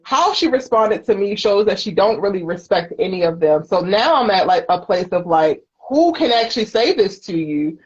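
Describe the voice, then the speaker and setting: Husky, blunt co-host, muffled stream. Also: medium pitch, expressive, moderate pace, few pauses. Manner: blunt, opinionated, heated. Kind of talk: casual aftershow chat.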